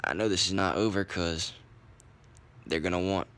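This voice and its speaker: A young man tells a long story in a rambling, easygoing voice. His voice is very low and deep, and he swears casually as he talks. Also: normal speed, a bit bright, smooth. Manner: profane, rambling, laid-back. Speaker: vlogger.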